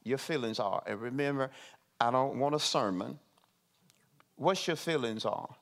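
Man, company chief addressing staff, very slow emphatic delivery, repeats himself, gravelly voice. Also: mid-range voice, expressive, fairly bright tone. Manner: slow and emphatic, repeats phrases, asks the audience questions. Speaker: CEO leading a staff leadership meeting. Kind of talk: speaking to staff at a meeting.

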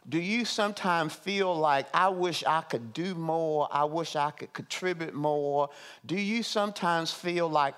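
Slow, gravelly man addressing his staff. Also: a little high. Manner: slow and emphatic, repeats phrases, asks the audience questions. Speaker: CEO leading a staff leadership meeting. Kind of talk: speaking to staff at a meeting.

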